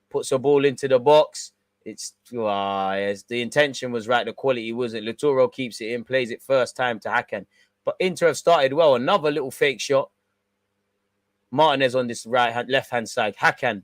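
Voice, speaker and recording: A young man hosting a live football watch-along, slangy banter between bursts of excited play-by-play. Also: mid-range voice, dry recording.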